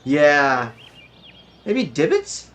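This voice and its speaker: A man's voice: on the high side, huge pitch swings, extremely slow, a bit bright, a little hiss or hum. Rambling man hosting a game stream. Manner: rambling, thinks aloud with fillers. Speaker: streamer host. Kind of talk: casual chat while playing.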